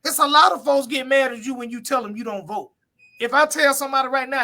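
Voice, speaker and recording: Co-hosting a live talk stream, this man speaks in an extremely high, fast, creaky voice with a sharp edge. He argues his point bluntly and repetitively in casual conversation, greeting viewers by name and reading their comments aloud.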